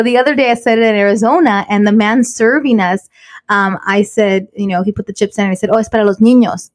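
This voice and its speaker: A woman in her thirties, co-hosting a podcast and telling stories in casual chat, switching between English and Spanish. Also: mid-range voice. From United States. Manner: animated storyteller mixing English and Spanish. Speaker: podcast co-host.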